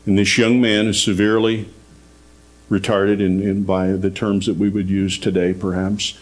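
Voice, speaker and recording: A man's voice: low-pitched, little pitch movement, moderate pace. A man preaching a radio sermon, telling a story earnestly and rising in emphasis on his key points.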